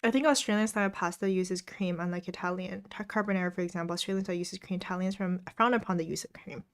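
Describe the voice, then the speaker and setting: Talking fast in a steady, lowish voice, a young woman runs a study stream from her desk at home. She chats casually with her live audience, reads out their comments and laughs a lot.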